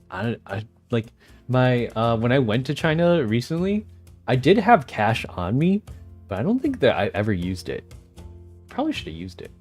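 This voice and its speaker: Talking loosely with his stream audience, a man wanders from thought to thought, easily distracted and frequently laughing. His pitch moves around a lot, his manner is a little mellow, and faint music plays behind him.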